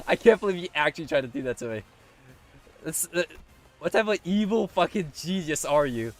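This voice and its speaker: A young man live-streaming a game, swearing often and swinging between squealing pleas and low muttering. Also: lively intonation, normal speed. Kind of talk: live gameplay commentary.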